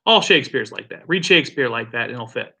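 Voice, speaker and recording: A man's voice: medium pitch, expressive, quick pace, vocal fry, pushed and bright. A man hosting a casual drinks livestream, rambling and joking with profane asides. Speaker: livestream host.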